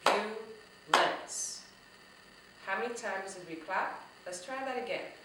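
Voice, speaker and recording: A woman teaching a children's music lesson, speaking slowly, patiently and with clear articulation. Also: medium pitch, animated, heavy background noise. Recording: echoey room, voice a bit far from the mic.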